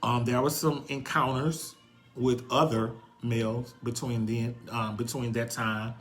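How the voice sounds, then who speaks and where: A young adult man from Houston, telling his own story on a livestream in a halting, earnest way. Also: mid-range voice, level tone, a bit bright, soft background music. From Houston, Texas. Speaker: host. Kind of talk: personal testimony on a livestream.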